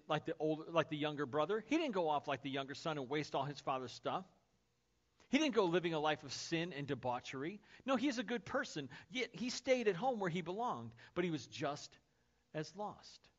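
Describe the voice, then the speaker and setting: A male pastor preaching a sermon in a casual, conversational way, speaking to the congregation. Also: high voice. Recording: dull lo-fi sermon recording.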